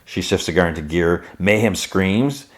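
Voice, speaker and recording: Low-voiced man casually recapping a show. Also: expressive, normal speed. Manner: rambling, full of "like" fillers and restarts. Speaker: podcast host.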